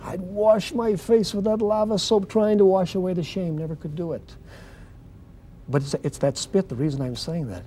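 An older man telling his testimony as a guest in a TV interview, fervent and swinging between loud and soft like a preacher. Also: sits high, moderate pace, a little hiss or hum.

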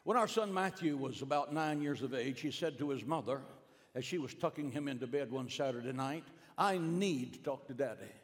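A middle-aged male pastor telling a family story in a sermon, swinging from hushed lines to emphatic bursts. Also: mid-range voice, fairly quick. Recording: long hall reverb.

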